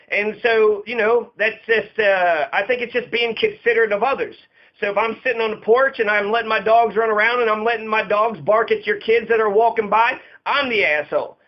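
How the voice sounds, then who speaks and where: A man with a noticeably high voice holds forth in an unscripted rant, swearing freely and repeating lines for emphasis. The recording sounds dull and lo-fi. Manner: profane, emphatic and repetitive. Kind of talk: casual ranting monologue.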